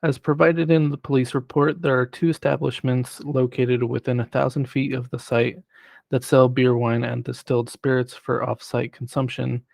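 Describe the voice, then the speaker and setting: A man on city planning staff who presents a formal report in a measured way, reading prepared remarks. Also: medium pitch, gravelly, darkish tone, no room sound. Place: city council chamber.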